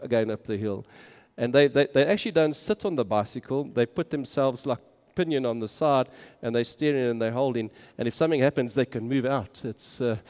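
A man's voice: medium pitch, darkish tone. A man, a minister, narrating travel photos in a casual, enthusiastic and exclaiming way. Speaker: minister on a mission trip. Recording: long hall reverb.

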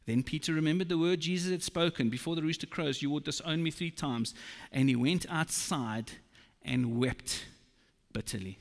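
A man preaches a sermon in a slow, emphatic way, with a gravelly edge to his voice. His words ring out with the long reverb of a large hall. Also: a little high.

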